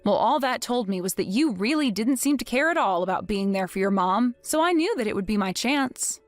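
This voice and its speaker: A woman's voice: on the high side, animated, brisk, no echo, faint music behind, lightly acted. A woman voicing a vengeful young wife in a dramatized story, cold and taunting with mock innocence. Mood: scheming.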